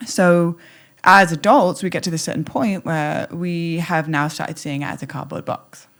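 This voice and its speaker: A woman talking as a podcast guest in an animated, playful way, acting out little scenes as she speaks. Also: fairly low pitch, moderate pace. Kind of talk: conversational interview.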